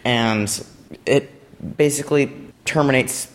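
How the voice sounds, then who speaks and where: Young man, robotics team member, casual explainer, rambling, playful asides, mid-pitched voice. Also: slow.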